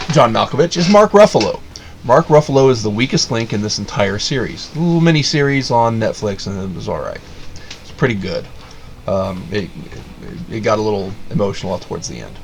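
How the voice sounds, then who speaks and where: A man giving a blunt, casual review of a miniseries, halting with many fillers and restarts. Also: fairly low pitch. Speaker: show host reviewing a miniseries.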